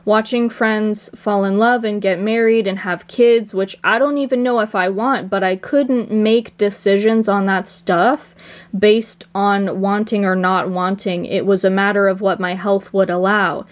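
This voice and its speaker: A woman voicing a young human woman who gently and earnestly explains herself to a friend. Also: mid-range voice, fairly even intonation, unhurried, lightly acted.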